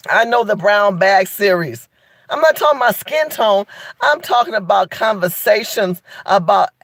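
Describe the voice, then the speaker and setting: A woman's voice: a little high, dry recording. Sassy, emphatic woman talking to viewers. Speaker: live video host. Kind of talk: animated live-stream commentary.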